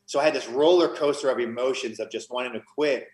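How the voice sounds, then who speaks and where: A man of middle pitch speaking as a podcast guest, earnest and emotional as he tells his story and often restarts his phrases. His voice carries a noticeable room echo. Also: quick pace, a little mellow. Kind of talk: conversational testimony.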